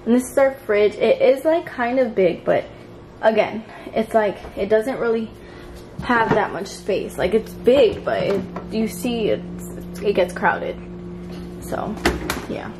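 Holding her phone camera while walking through her apartment, a woman gives a rambling, casual tour full of ums and little laughs. Her voice is a little high, expressive, slow, and slightly mellow, in a low-quality recording with slight background noise.

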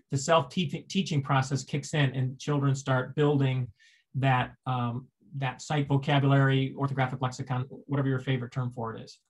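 A man delivers a seminar lecture in a voice a little higher than most men's. He explains patiently, poses rhetorical questions and answers them himself, and often restarts his phrases. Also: slightly rough.

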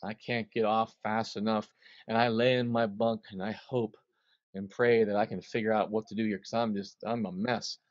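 A man's voice: lowish voice, moderate pace, no room sound, lo-fi sound. A man, a drummer, telling a story in an interview and acting out the quotes. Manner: animated storyteller, acts out quotes.

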